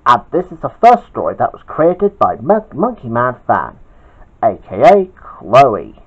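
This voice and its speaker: A man reading his own homemade story aloud, halting and chatty, with asides to his listeners. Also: mid-range voice, wildly swooping pitch, slightly rough, muffled recording. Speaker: storyteller, channel host.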